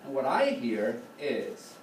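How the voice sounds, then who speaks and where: A man's voice: mid-range voice, wildly swooping pitch, takes it slowly. A man teaching a choral conducting class, explaining patiently and singing short phrases to demonstrate. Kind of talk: classroom instruction. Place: rehearsal room with a choir. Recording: echoey, distant, noisy room recording.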